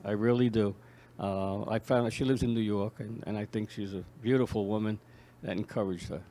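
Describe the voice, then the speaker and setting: Man, mellow dark tone, interview guest, halting, repeats words. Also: lowish voice, steady tone. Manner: halting, repeats words when speaking freely. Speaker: guest, foundation founder. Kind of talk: conversational interview, reading poetry aloud.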